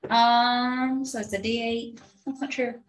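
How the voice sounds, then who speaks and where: A woman's voice: fairly high pitch, flat delivery, a little slow, faint music behind. A woman playing in a tabletop game, thinking aloud and hesitating as she adds up her dice. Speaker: player. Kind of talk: casual tabletop game play. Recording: roomy echo.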